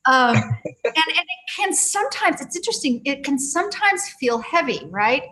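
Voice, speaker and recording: A woman's voice: high voice, normal speed. A woman telling a story from one of her healing sessions in a casual talk, full of fillers, restarts and frequent laughter. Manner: lively, many fillers and restarts, laughs often. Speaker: healing practitioner guest.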